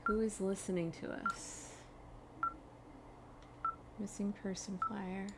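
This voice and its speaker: A woman's voice: mid-range voice, little pitch movement, slow pace, heavy background noise. A young woman hosting a let's play, chatting and reacting aloud as she plays through a game. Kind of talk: casual gameplay commentary.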